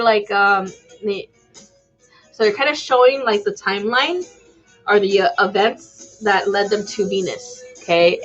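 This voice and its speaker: A woman's voice: medium pitch, a bit bright, lo-fi sound. A woman talking casually as a psychic channeler on a live stream, rambling with many fillers and tacking "okay?" onto her lines. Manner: rambling, full of "um", "like" and tag "okay?".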